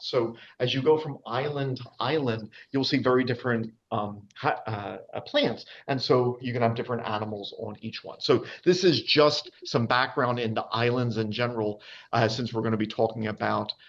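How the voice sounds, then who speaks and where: Speaking at a normal pace in a medium-pitched, slightly bright voice, a man gives a chatty public talk on wildlife, recorded in dull lo-fi quality. This nature guide and lecturer frequently checks in with "all right?" and often uses fillers and restarts himself.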